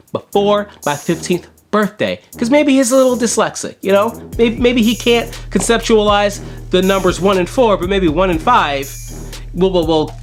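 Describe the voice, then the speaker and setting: A casual vlogger's voice that swoops up and down in pitch, sarcastic and exasperated, with frequent swearing. Faint music plays underneath. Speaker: online decoy narrating chat logs. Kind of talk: casual commentary.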